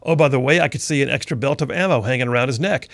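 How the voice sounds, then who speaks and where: A middle-aged man hosts a talk radio show, speaking very fast at a medium pitch with no room sound. He tells an army story in an earnest, folksy manner that gradually turns preacher-like, as storytelling commentary.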